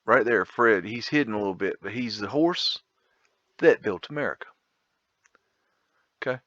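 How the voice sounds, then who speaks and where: A man's voice: lowish voice, animated, normal speed, bright, forceful tone, no room sound, muffled recording. A man hosting a casual photo tour, rambling, blunt and profane, with a folksy drawl. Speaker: video host.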